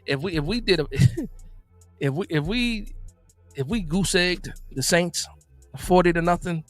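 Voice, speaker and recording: Man, stream host, casual chat, reads comments aloud, repeats phrases, slightly high voice, faint background music. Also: a little slow.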